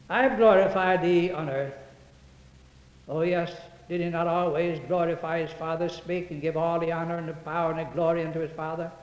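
A man preaching a sermon, quoting scripture in old-fashioned wording and getting louder on the verses. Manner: rises in pitch and volume on quoted verses, hesitant restarts between. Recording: echoey hall, dull lo-fi sound.

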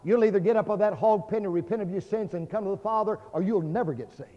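A Baptist pastor preaching a fervent sermon, swinging between loud declarations and hushed tones. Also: male voice, sits high, fast. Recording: dull lo-fi sermon recording with long hall reverb.

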